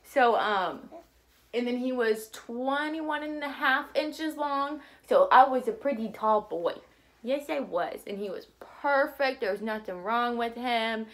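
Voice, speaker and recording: A woman's voice: fairly high pitch, measured pace. A young woman telling a casual, chatty story in a vlog, with lots of "like"s and bits of baby talk. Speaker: vlogger and new mother.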